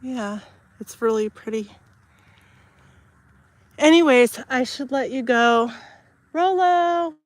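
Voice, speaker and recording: A woman's voice: fairly high pitch, slow pace, long pauses, dry recording. A woman hosting a casual livestream from her garden, filming on a handheld phone and chatting to viewers and her animals. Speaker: livestream host. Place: outdoors in a garden. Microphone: phone held in hand.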